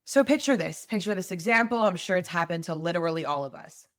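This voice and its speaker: A woman's voice: on the low side, expressive, fast, no echo, clean studio sound. A woman hosting a solo podcast, talking in a conversational, emphatic way and explaining with everyday examples. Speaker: podcast host.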